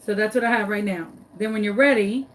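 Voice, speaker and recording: Animated, dramatic storytelling woman. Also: medium pitch, fairly quick. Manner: animated, dramatic, self-mocking. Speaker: crafting vlogger. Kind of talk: comic storytelling in a craft tutorial.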